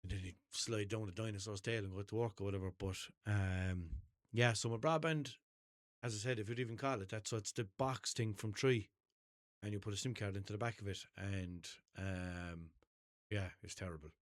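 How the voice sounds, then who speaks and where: A man's voice: lowish voice, fairly even intonation, normal speed, no room sound, studio quality. An Irish man hosting his own podcast, rambling cheekily and swearing through an unscripted monologue from a chair at home. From Ireland. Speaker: podcast host. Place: home room, seated in a chair. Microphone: headphones and desk mic.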